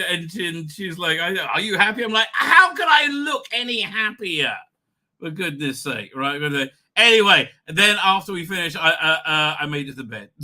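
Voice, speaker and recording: Man, middle-aged, bright tone, a little high, tipsy, rambling casual stream chat. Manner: rambling, halting, many restarts. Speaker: live stream host.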